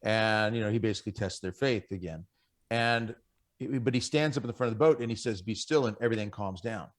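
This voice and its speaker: A man's voice: fairly low pitch, a little fast. A middle-aged man, a guest on a Catholic radio show, telling stories and earnestly urging other men on over a studio microphone. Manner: earnest, exhorting, anecdotal. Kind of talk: conversational faith radio talk.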